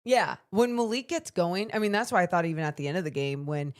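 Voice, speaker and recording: A woman co-hosting a casual basketball podcast, reacting quickly and joking with her co-host. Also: fairly low pitch. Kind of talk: casual sports podcast chat.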